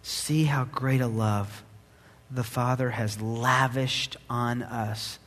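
A male pastor preaching a sermon, dramatic, swinging between loud emphasis and hushed asides. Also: medium pitch, steady tone, slow, big-room sound.

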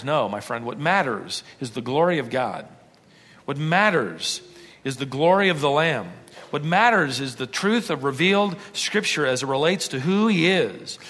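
A man preaching a sermon, emphatic, building his points to forceful peaks. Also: on the high side, sing-song, moderate pace. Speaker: pastor. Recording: long hall reverb.

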